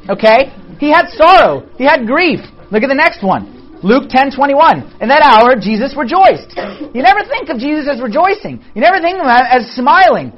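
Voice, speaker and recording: A Bible study teacher leads a class with animation, posing rhetorical questions and answering them, and joking with the group. The voice is mid-range, on a dull, lo-fi recording.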